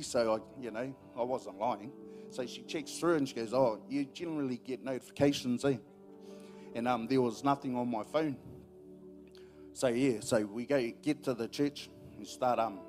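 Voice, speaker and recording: A man's voice: medium pitch, darkish tone. A man with a New Zealand accent giving a casual personal testimony in a church service, telling a story with frequent laughs.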